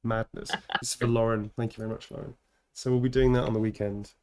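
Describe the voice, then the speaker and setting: A man co-hosting a relaxed live stream, his pitch sitting right in the middle for a man. He rambles from thought to thought, jokes easily and swears casually as he chats. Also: quick pace, a crowd in the background. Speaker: streamer co-host.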